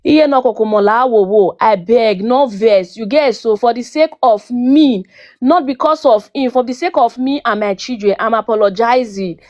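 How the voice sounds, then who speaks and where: A Nigerian woman, a guest on a live stream, pleads in Pidgin and apologizes over and over. Her voice sits a little high, and she begs others not to be angry. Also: moderate pace, a little mellow, dry recording, highs cut off. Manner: pleading, repeats "abeg, no vex".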